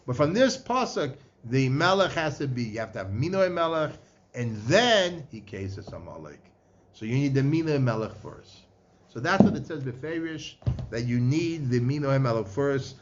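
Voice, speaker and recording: A man's voice: mid-range voice, big pitch swings, moderate pace. Man, Torah lecture, chants verses, dull lo-fi sound. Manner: mixes Hebrew and Yiddish-inflected terms into English, chanting verses. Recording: slightly muffled with faint background noise.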